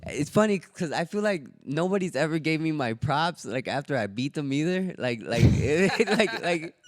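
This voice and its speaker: A man's voice: on the high side, moderate pace, dry recording, studio quality. A man, a fighter, telling stories on a podcast in casual chat, swearing a lot and acting out what people said. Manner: animated, acts out quotes loudly. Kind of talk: casual storytelling, profane.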